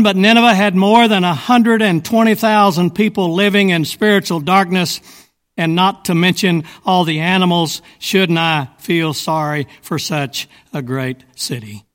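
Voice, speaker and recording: A man's voice: high-pitched, fairly bright tone. A man preaching a sermon to his congregation, reading scripture and firing rhetorical questions at his listeners. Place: church sanctuary. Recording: long hall reverb.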